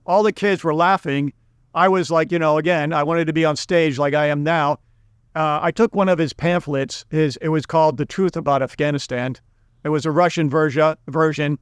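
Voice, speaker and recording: A man's voice: fairly high pitch, steady tone, normal speed, smooth, no room sound, clean studio sound. A middle-aged man from the United States, giving a casual economics lesson in a conversational, storytelling way. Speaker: economics teacher.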